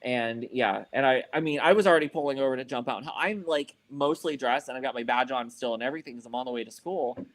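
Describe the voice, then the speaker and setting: Quick and barely pausing, a medium-pitched man on a podcast rattles through a story as co-host. It's casual, rambling talk with swearing, and fillers like "like" and "you know" come up again and again.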